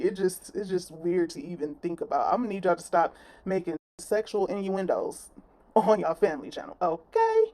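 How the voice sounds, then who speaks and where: Woman ranting over a clip, sassy and blunt, slangy, mid pitch. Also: warm tone. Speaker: commentary vlogger. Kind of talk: reaction commentary.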